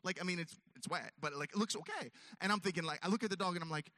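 A man's voice: a little high, fast, hardly any pauses, sharp tone, no room sound. A man telling a long self-mocking story on stage, acting out his own voice and others' as he goes. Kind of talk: stand-up storytelling.

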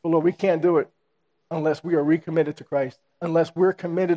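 A man's voice: a little high, steady tone, fairly quick, mellow. A man preaching a sermon and telling a personal testimony, acting out the dialogue animatedly in a church. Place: church sanctuary. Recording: reverberant hall.

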